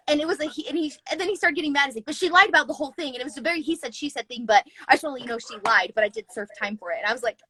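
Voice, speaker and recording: An American woman from Utah, chatting casually and telling a dating story, animated and laughing often. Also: high voice, dry recording, low-quality recording. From Utah, USA. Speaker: podcast guest. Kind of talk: casual chat.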